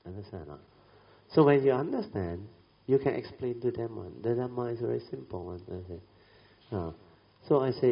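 A man's voice: medium pitch, expressive, normal speed, vocal fry. A middle-aged man giving a Buddhist talk, telling a family story in a chatty way, often adding tag questions and laughing as he goes. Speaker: Buddhist teacher. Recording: dull lo-fi recording.

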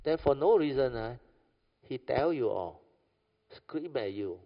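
Speaking a little slowly in an expressive mid-range voice, a man with a Malaysian English accent tells stories during a casual Buddhist talk. He often checks whether his audience understands, asking "understand or not?" in a conversational way. The hall is echoey and the audio is dull and lo-fi.

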